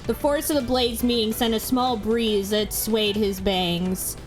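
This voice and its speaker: Woman reading a visual novel out loud, slow and giggly, soft music behind. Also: on the high side, steady tone. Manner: giggly, playful. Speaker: let's play host reading a visual novel. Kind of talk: narrating a visual novel, casual chat.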